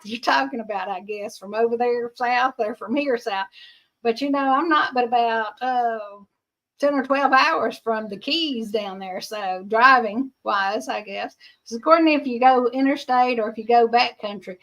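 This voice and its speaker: A woman's voice: on the high side, fairly bright tone. A middle-aged woman with a Georgia Southern accent, hosting a casual livestream, chatty and laughing often while reading viewer comments. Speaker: livestream host.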